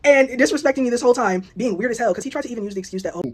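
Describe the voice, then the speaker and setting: A young woman telling a storytime vlog, animated and indignant. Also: fairly high pitch, rapid-fire, husky. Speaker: vlogger. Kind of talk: storytime monologue.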